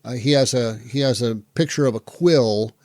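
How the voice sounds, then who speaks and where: A man co-hosting a podcast in casual chat, easygoing and quick to chuckle and agree. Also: mid-range voice, a little mellow, no echo, studio quality. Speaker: podcast co-host.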